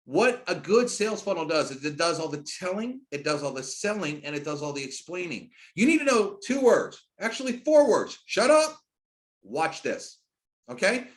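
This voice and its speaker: A middle-aged man giving a screen-share sales training, hyped and emphatic, talking in rapid runs that jump into loud, high bursts. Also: big pitch swings. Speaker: network marketing trainer.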